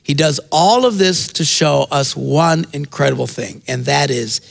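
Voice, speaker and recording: A man preaching in a church with a gravelly, fairly high voice. He tells the story in a lively way, cracks jokes and sometimes breaks into shouts. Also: unhurried, hardly any pauses. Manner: lively storytelling, jokey asides, bursts of shouting. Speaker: pastor. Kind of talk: sermon. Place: church sanctuary.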